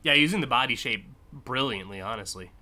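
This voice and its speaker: A man's voice: mid-range voice, lively intonation, fairly quick, pushed and bright. A man streaming live, casually and enthusiastically judging car designs, with frequent fillers and swearing.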